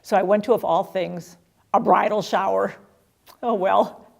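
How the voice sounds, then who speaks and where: A woman's voice: mid-range voice, fairly even intonation, a little slow, gravelly. A middle-aged woman telling a personal story in a chatty, self-deprecating way, laughing at herself. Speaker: speaker sharing personal story.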